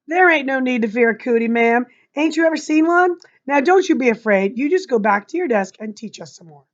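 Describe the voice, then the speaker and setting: A calm, courteous young boy, as voiced by a woman reading aloud. His lines come higher and brisker than her narration. The recording is muffled and lo-fi. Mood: soothing. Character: small polite boy, calm gentleman.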